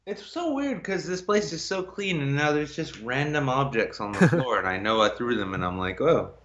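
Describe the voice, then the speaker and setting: A man's voice: medium pitch, normal speed, fairly bright tone, muffled recording. A man co-hosting a live-streamed podcast, bantering with crude jokes in casual chat. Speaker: podcast co-host.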